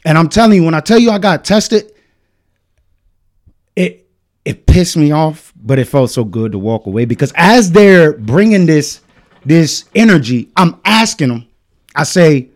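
A man's voice: fairly high pitch, sing-song, normal speed, pauses often. A man hosting a podcast, telling a story in casual chat, swearing freely and acting out what the other people said. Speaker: podcast host.

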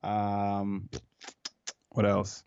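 This is a man from Jamaica, a professional fighter, speaking in a low, relaxed voice. He swears casually and keeps things loose. The recording is dry with a dull, lo-fi sound. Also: drawn-out words, clean tone, no room sound. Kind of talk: casual interview chat.

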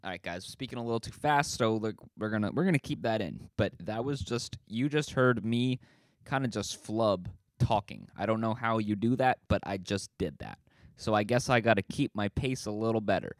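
A man's voice: on the low side, moderate pace, no room sound, clean studio sound. Rambling, self-mocking male podcaster. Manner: rambling, self-deprecating, swears casually. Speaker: podcast host. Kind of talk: casual solo podcast monologue.

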